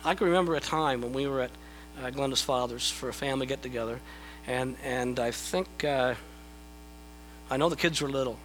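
A man's voice: mid-range voice, brisk, a bit bright, a little hiss or hum, poor audio. A middle-aged man preaching a sermon in a conversational, self-deprecating way, often repeating his words as he starts a thought. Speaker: pastor.

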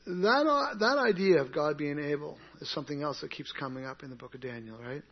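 A man's voice: fairly high pitch, a little fast, husky. A man teaching an interactive Bible class in a conversational way, asking the group questions and answering them himself. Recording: dull lo-fi recording.

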